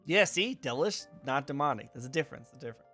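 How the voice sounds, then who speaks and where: A man hosting a casual stream interview, excitable and talking to his chat. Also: medium pitch, quick pace, soft background music. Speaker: interview host.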